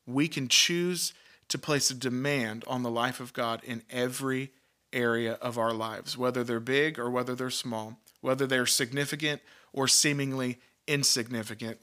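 Man, bright forceful voice, earnest devotional podcast talk, emphatic, repeats himself. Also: mid-range voice. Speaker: podcast host, Christian teacher.

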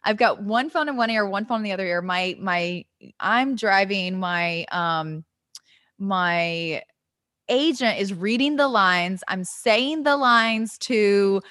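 A woman who acts for a living tells a story as a guest on a video call. She is lively and talks fast, moving from one thought to the next. Her voice sits in a middle range, and the sound is dry and close. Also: mid-range voice, no room sound. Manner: animated storyteller, quick and chatty. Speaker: actress and guest. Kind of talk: casual interview over video call.

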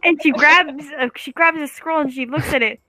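A woman's voice: high voice, moderate pace, a crowd in the background. A woman running a tabletop game as game master, narrating in a rambling way with many likes and uhs.

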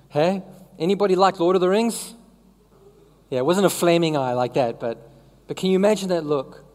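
A woman's voice: sits low, darkish tone, big-room sound. A woman preaching a sermon in a conversational way, often asking the congregation questions.

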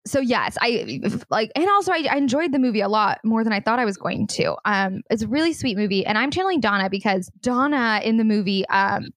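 A woman's voice: a little high, expressive, a little fast, few pauses, a bit bright, dry recording. A young woman hosting a podcast, chatting casually in a bubbly, rambling way and laughing often. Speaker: podcast host.

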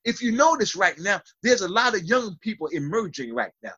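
Fervent preacher man, high lively voice. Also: brisk, slightly rough, no echo, muffled recording. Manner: fervent, builds to loud call-and-response. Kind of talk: sermon over video call. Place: small room. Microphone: video call.

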